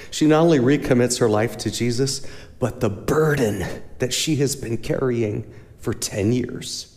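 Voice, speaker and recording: Animated man telling stories in a church. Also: medium pitch. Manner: animated storyteller, acts out quoted voices. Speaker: guest speaker from a charity. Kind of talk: storytelling sermon talk. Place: church sanctuary. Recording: long hall reverb.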